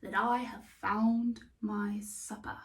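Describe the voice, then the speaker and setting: A woman's voice: mid-range voice, fairly even intonation, slow pace. A woman voicing a polite but greedy big bad wolf, drawn out and mock-courteous. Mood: sly.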